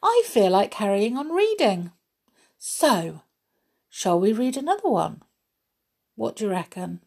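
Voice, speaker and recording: Storyteller: woman, slow, chatty, animated, reads to children. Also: medium pitch, gravelly, breathy edge. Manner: chatty and lively, asking the listener questions. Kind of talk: reading a children's story aloud.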